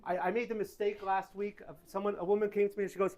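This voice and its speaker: A man giving casual Q&A answers to a live audience, telling animated stories and correcting himself as he goes. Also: sits high, very fast, few pauses. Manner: animated storytelling, self-correcting. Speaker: tax advisor speaker. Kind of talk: casual Q&A talk.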